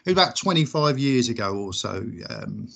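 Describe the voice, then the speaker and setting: A man from the UK hosts a podcast, chatting casually, jokily and ramblingly while thanking his listeners. His mid-range voice swings widely in pitch at normal speed, husky and a bit bright with vocal fry, and the audio is dull and lo-fi.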